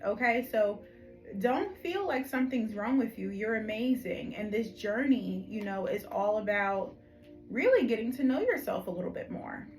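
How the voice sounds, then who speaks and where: Animated Philly woman giving a tarot reading. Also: fairly high pitch, low-quality recording. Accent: Philadelphia. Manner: chatty, affectionate, calls viewers honey and my love; animated, emphatic, frequent "okay?" check-ins. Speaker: tarot reader. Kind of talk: collective tarot reading to camera.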